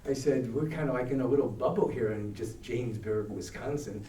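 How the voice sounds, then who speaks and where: Fairly quick and mid-range, the voice belongs to an older New Yorker from Brooklyn who guest-speaks in a church hall, spinning stories and acting out others' voices with animation. It's a rough, reverberant recording made from a distance.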